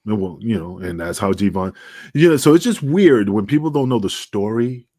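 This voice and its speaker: Animated New man telling stories. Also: lowish voice, moderate pace, no room sound, clean studio sound. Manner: animated, acts out dialogue with raised voice. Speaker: wrestling podcast guest. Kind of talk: casual storytelling interview. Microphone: remote video call.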